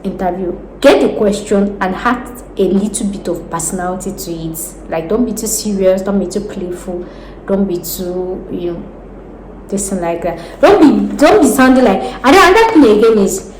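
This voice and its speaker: A Nigerian woman with a Nigerian accent, giving casual job advice in a vlog, animated and laughing often as she talks with her hands. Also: mid-range voice, normal speed. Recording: roomy echo with faint background noise.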